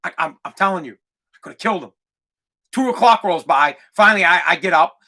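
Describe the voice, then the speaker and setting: A man in his thirties hosting a podcast, ranting casually and with exasperation, sometimes yelling. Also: sits high, animated, a little fast. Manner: exasperated ranting, yells and imitates barking. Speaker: podcast host. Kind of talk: casual comedic rant.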